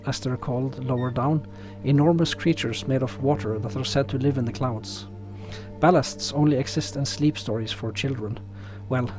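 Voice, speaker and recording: A man with a pronounced non-native English accent, narrating and commenting on a game in a relaxed, self-deprecating way. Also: medium pitch. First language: not English. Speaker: let's play host.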